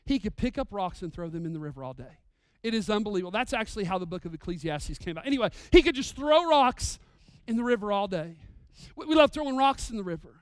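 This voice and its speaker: Smooth-voiced pastor preaching with big swings. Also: male voice, high voice, expressive, fast talker, no echo, clean studio sound. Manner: dynamic preaching, swinging from loud to hushed. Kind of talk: sermon.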